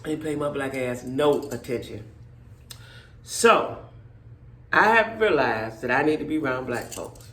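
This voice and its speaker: A middle-aged woman, telling stories to her viewers in a blunt, profane, animated way. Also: a bass voice, unhurried, pauses often, roomy sound. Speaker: vlogger. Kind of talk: casual storytelling rant to viewers.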